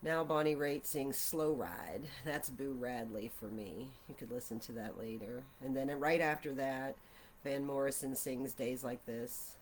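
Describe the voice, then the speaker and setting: Gentle meandering woman, soft affirmations. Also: rumbling low, unhurried, a little hiss or hum. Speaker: art journaling vlogger. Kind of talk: meditative casual chat while drawing. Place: at home, seated at a desk. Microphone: camera mic.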